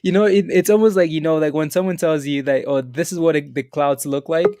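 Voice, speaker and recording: A man co-hosting a live stream reads viewer comments aloud and laughs easily between them. His voice sits a little higher than most men's. The sound is dry and close, with no room around it. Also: fairly even intonation, a little fast, mellow, no room sound. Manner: laughs often, reads super chats aloud. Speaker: co-host of a crypto livestream. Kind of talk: casual livestream chat reading viewer comments.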